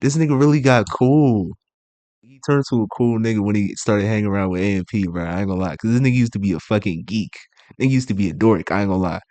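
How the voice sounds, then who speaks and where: A man's voice: on the low side, rapid-fire, warm tone, dry recording. A young man hosting a reaction video, talking loosely in slang and laughing as he comments over clips.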